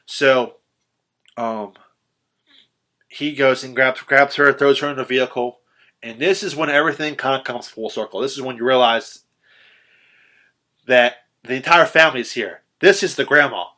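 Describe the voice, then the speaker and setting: Guy on a podcast, bright tense voice, rambling through a movie plot, lots of ums and swearing. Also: medium pitch, normal speed, long pauses. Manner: animated retelling, swearing, filler-heavy. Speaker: podcast host. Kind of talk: casual film recap chat.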